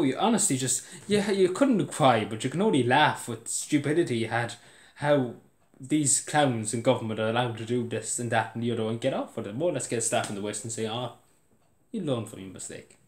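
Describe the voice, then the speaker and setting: A man's voice: medium pitch, normal speed. An Irish man ranting about politics to his viewers, indignant and exasperated, laughing in disbelief and repeating himself. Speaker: video blogger. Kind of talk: political rant to camera. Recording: roomy echo.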